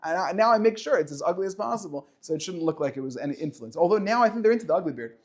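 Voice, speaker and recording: A middle-aged man, a rabbi giving an informal weekly talk to high school students, animated, with joking asides and many restarts. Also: racing.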